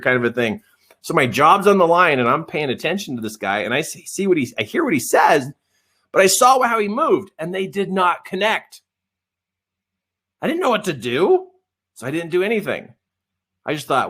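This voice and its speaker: A man coaching in a live webinar, telling a story in an animated, self-deprecating way and acting out the dialogue. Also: medium pitch, moderate pace.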